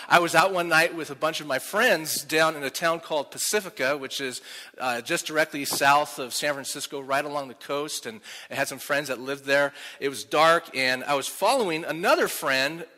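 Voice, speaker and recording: A male pastor giving a sermon, telling stories in an animated, self-deprecating way. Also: on the high side. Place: church sanctuary. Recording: reverberant church hall.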